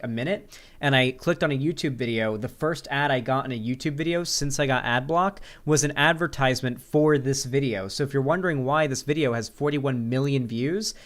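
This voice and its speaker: Male streamer, casual live chat, rambling, sarcastic, swears a lot, mid-pitched voice. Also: a bit bright. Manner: answers viewer chat questions aloud.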